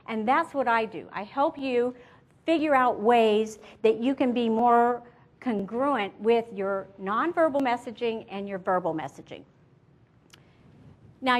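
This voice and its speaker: A middle-aged woman who works as an image consultant gives a lively motivational presentation, addressing her audience directly and telling stories. Her voice is a little high.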